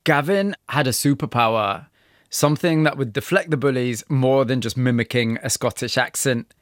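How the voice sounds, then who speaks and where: A man hosting a radio interview program, narrating with a measured storytelling delivery and questioning a guest. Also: medium pitch, dry recording, clean studio sound. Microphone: studio microphone.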